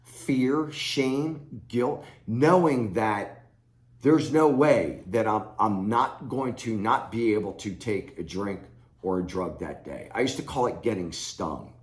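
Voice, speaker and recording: A man's voice: lowish voice, slow. A middle-aged man giving blunt, plain-spoken advice straight to camera as a recovery coach. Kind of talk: direct-to-camera advice talk. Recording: echoey room.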